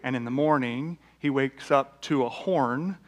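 A man's voice: mid-range voice, unhurried. A man preaching a sermon, telling illustrative stories in a conversational way, with fillers and restarts. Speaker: pastor. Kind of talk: sermon with storytelling.

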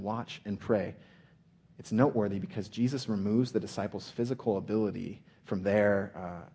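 A man preaching a sermon, earnest, often slowing and dropping to a hush for emphasis. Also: fairly low pitch, slightly rough.

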